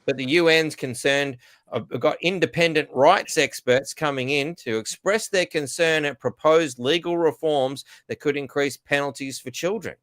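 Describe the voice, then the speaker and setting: A man's voice: fairly high pitch, normal speed, a bit bright, no echo. An Australian man co-hosting a podcast, ranting sarcastically and swearing in casual political chat. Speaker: podcast co-host.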